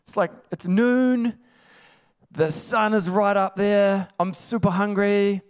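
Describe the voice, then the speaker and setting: Man voicing a weary, snarky Jesus parody, high-pitched, put-upon. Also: fairly even intonation, slow, clean tone. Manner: sarcastic, fed-up grumbling.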